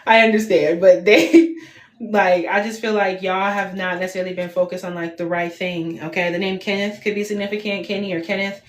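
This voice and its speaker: A woman in her twenties gives a casual tarot reading on a livestream, her medium-pitched voice level and a little quick. She's chatty, repeats herself, and fills her talk with fillers. The room echoes and there's a faint hiss behind her.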